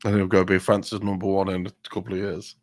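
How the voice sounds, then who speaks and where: A man talking football casually, animated and sweary, calling his co-host "mate". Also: deep voice, fast talker, no echo. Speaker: podcast co-host.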